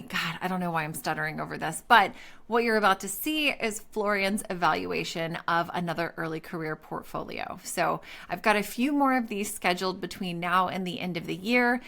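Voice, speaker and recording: Bubbly, chatty woman with a gravelly edge. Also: on the low side, moderate pace, fairly bright tone. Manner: bubbly, chatty, trips over words. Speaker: host. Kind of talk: casual vlog intro to camera.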